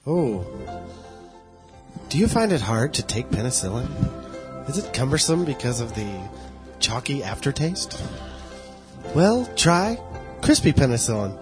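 A man delivering a mock commercial pitch in a salesy, announcer-like way. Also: sing-song, normal speed, music in the background. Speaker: podcast guest.

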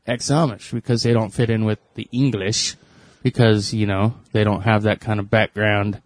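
A man in casual chat, eager and rambling, quick to agree. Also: lowish voice, flat delivery, dry recording.

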